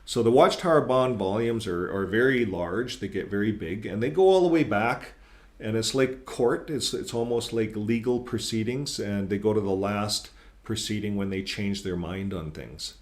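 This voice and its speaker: A man's voice: lowish voice, moderate pace. A man hosting his own channel, talking casually and earnestly, reading and commenting on articles, often repeating words and using fillers. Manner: earnest, critical, grows emphatic when quoting. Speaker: channel host.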